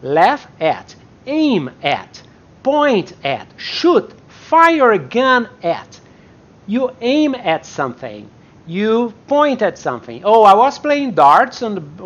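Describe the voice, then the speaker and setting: Slow, lively-voiced woman teaching English. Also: medium pitch, highs cut off. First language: Portuguese. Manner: explains slowly, repeats example sentences, acts them out. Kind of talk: live online English lesson.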